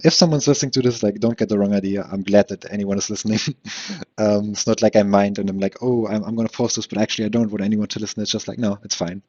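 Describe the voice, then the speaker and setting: A young man rambles through a solo podcast with a fairly low voice. He talks loosely, full of fillers, restarts, swearing and laughs. The home mic sounds dull and lo-fi. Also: darkish tone. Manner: swears casually.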